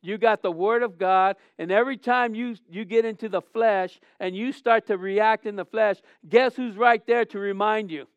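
A man's voice: sits high, steady tone, moderate pace, few pauses, smooth, no echo, highs cut off. A middle-aged man preaching a conversational sermon as pastor, telling stories and repeating phrases, asking the congregation rhetorical questions.

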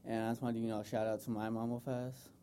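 A man's voice: medium pitch, little pitch movement, fast, dark tone, clear, resonant tone. A young man from the United States giving an earnest, rambling tribute to his mother in front of a group, with lots of fillers. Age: young adult. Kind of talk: informal public speech.

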